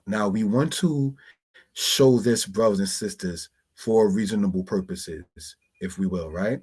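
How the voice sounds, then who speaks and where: A man teaching Hebrew words from slides, slowly spelling out terms and often calling his listeners brothers and sisters. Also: on the low side, a little mellow, slightly rough. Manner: slow, deliberate spelling-out of words.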